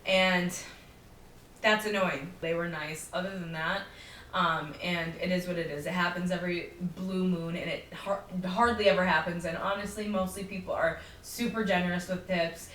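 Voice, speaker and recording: Young woman, solo podcast host, lively storyteller; bright voice, slightly distant mic. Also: lowish voice, moderate pace. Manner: animated, chatty, acts out quotes. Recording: roomy, slightly distant mic with faint noise.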